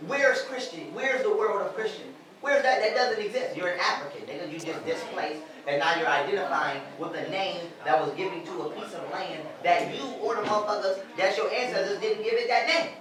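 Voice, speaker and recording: Addressing a small group on the street, this lecturer talks fairly quickly in a high, pushed, bright voice. He's blunt and profane, hammers his points, and laughs at his own jokes a lot. The space echoes, the mic is distant, and listeners are audible.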